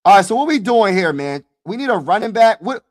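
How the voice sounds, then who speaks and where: A man with a high voice, big pitch swings, and a fairly quick pace hosts a casual football mock draft live stream, with no room sound. He addresses viewers head-on, alternates frustrated outbursts with mutters, repeats himself, and uses plenty of "bro" and "y'all."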